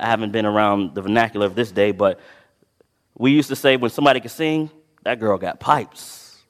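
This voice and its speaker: A preacher with a voice a bit high for a man delivers a sermon in a large sanctuary, where a long reverb trails his words. He reads scripture with dramatic swells and abrupt drops in volume, repeatedly posing questions to the congregation and answering them himself.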